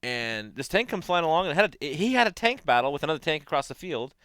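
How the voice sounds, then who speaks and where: Brief: male co-host, bright crisp voice, dry close sound, animated swearing storyteller. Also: a little high, quick pace, no room sound. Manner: animated storyteller, swears often, laughs a lot. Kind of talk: casual profane chat.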